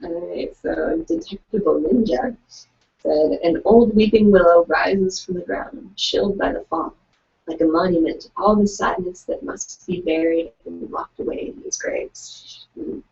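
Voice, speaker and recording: An upbeat young woman co-hosts a writing livestream and reads out short excerpts, laughing easily. Her voice has a gravelly fry. The room is echoey and the sound dull and lo-fi. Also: fairly low pitch, unhurried, darkish tone. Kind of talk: casual chat, reading out submissions.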